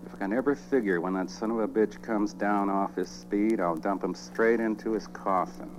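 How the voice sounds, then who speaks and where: A man reading spoken-word poetry in a dry, deadpan, measured way. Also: lowish voice, background noise.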